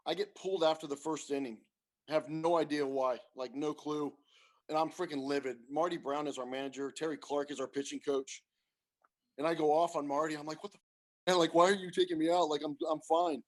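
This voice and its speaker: A middle-aged man, a former pitcher, telling a story casually and acting out the coaches he quotes. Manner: animated, acts out quoted coaches. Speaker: former pro pitcher guest.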